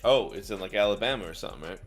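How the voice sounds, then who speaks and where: A man's voice: fairly low pitch, animated, rapid-fire, soft background music. A man as a guest in a casual chat, rambling and laid-back with lots of fillers.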